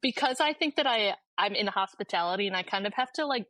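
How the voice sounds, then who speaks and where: A woman's voice: mid-range voice, expressive, fast talker, bright, forceful tone, dry recording. A young woman in her twenties with a Maryland accent, chatting as a podcast guest in a rambling, giggly way with lots of fillers. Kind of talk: casual chat.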